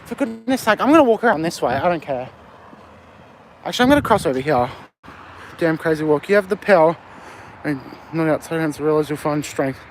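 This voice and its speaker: Aussie guy with a high voice walking around at night on a phone stream, chatty and rambly, swears a lot, faint traffic behind. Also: lively intonation, brisk, pauses often. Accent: Australian. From Australia. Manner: rambling, answers chat aloud, swears often. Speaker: livestreamer. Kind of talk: casual live stream chat. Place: outdoors on a street at night. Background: faint street and traffic ambience.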